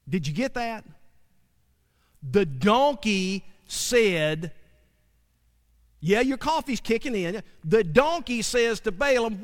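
A man preaching, his voice pitched high for a man. He talks in a folksy, chatty way and keeps asking the congregation questions. The sound carries a long reverb, like a large hall. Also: fairly bright tone. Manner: folksy, conversational, asks the audience questions. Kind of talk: sermon.

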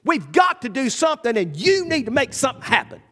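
A man's voice: very high voice, big pitch swings, a little fast, bright, forceful tone, pitched above the performer's own voice, full character voice. A man voicing a compassionate, insistent motherly woman. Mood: pleading. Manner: pleading, insistent. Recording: echoey hall.

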